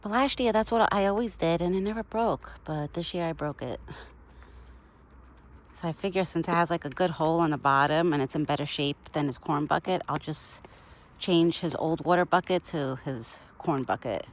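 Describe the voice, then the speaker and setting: A woman's voice: low voice, normal speed. A woman vlogging outdoors while feeding a deer, chatty and bubbly, laughing often and a little out of breath. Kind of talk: casual outdoor vlog. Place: outdoors in a yard.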